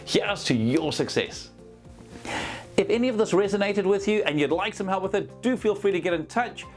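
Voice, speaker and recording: A business trainer, male, coaches in a chatty, animated way on camera, playing out short example scenarios. He talks at a normal speed in a high voice, and soft music runs in the background.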